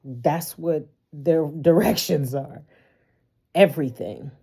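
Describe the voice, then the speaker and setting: A woman's voice: deep voice, takes it slowly, dark tone, breathy edge. A woman giving a casual tarot reading to her viewers, talking animatedly, swearing freely and laughing often. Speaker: tarot reader.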